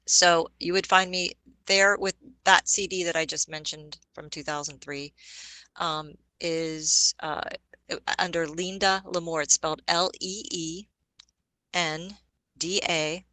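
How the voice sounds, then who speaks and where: A chatty woman with a low-pitched but bright, forceful voice, talking casually as a podcast guest. She rambles, laughs easily and spells words letter by letter. The sound is dry and close. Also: steady tone, unhurried, no echo, poor audio. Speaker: guest musician.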